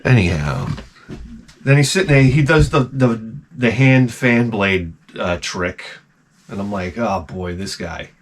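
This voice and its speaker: A man's voice: mid-range voice, lively intonation, unhurried, a little hiss or hum. A middle-aged man ranting sarcastically through a casual story, mimicking the people in it. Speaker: vlogger.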